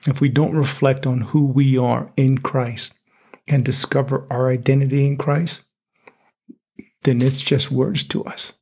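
A man who is a guest on a faith podcast, chatting in a relaxed way with short affirming replies. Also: medium pitch, unhurried, slightly rough. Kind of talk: casual faith podcast chat.

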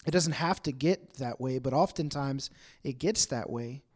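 A man's voice: medium pitch, normal speed. A man preaching a conversational sermon to a congregation, acting out bits of everyday dialogue as he talks. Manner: chatty, acts out everyday dialogue in asides. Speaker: pastor. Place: room with a congregation.

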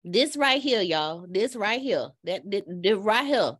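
Woman, co-host, lively storytelling voice, joking, dry close sound. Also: medium pitch, measured pace, no room sound. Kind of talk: casual group talk.

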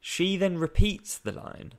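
A man's voice: sits high, fairly even intonation, unhurried. A man co-hosting a casual comedy podcast, reviewing a film in a sarcastic, exasperated way. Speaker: podcast co-host.

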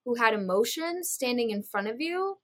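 A woman's voice: fairly high pitch, expressive, moderate pace, fairly bright tone. Woman podcast co-host, casual and chatty, fillers everywhere, acts out quotes as she recaps. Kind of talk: casual reality-TV recap chat.

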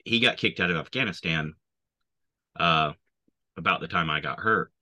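A man's voice: low-pitched, moderate pace, pushed and bright. A man, an army veteran, telling war stories casually and swearing constantly.

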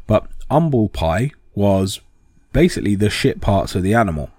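Man, casual talk, low voice, rambling with fillers, dry close sound. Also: expressive, moderate pace, a little mellow, husky, dry recording. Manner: rambling, with many ums and restarts.

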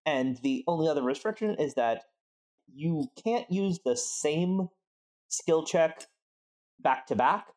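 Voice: mid-range voice, a little mellow. A game master explaining the rules of a skill check to the players, step by step, with many fillers. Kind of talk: running a tabletop game session.

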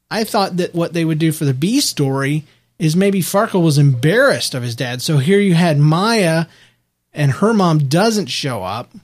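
A man co-hosting a casual show recap podcast, talking in a rambling, animated way with frequent restarts. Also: on the high side. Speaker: podcast co-host.

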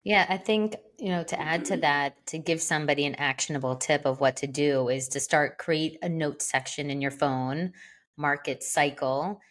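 A woman's voice: low voice, fairly even intonation, moderate pace, a bit bright, soft background music. A woman co-hosting a podcast in casual chat, rambling along with lots of "like" and "you know.". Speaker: podcast co-host.

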